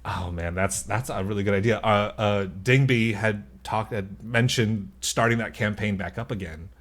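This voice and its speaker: A man's voice: lowish voice, normal speed, fairly bright tone. A man chatting as a podcast guest, rambling and often laughing mid-sentence. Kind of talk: casual chat.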